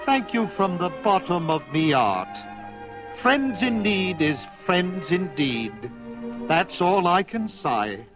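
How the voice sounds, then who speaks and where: A man voicing an excitable, sentimental dog who talks in street slang. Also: sits high, slow pace, music in the background, heavily acted. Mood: touched. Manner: bellowing, tearful, slangy. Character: blustering Cockney-ish dog, sentimental and excitable.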